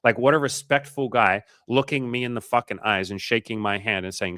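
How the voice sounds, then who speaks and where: A man's voice: medium pitch, steady tone, brisk, bright, forceful tone, no room sound, studio quality. A young man casually chatting on a livestream as a coach, reading out comments, swearing freely and saying "like" a lot.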